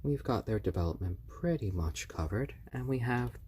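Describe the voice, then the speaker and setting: A man hosting a casual live stream, talking softly and fondly to baby chicks, with relaxed, halting speech full of fillers. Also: mid-range voice, a little hiss or hum. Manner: soft, fond cooing to baby birds. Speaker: live-stream host showing pet chicks.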